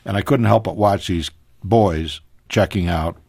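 A man telling a personal story as a guest on a radio talk show, animated, his voice leaping higher at emotional moments. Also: measured pace, slightly rough, no echo, studio quality. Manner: animated, pitch jumping high in emotional moments.

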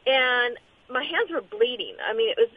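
A middle-aged woman giving a personal testimony as an interview guest, speaking in a halting, earnest way with many restarts. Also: on the high side, no echo. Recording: tinny phone-line sound.

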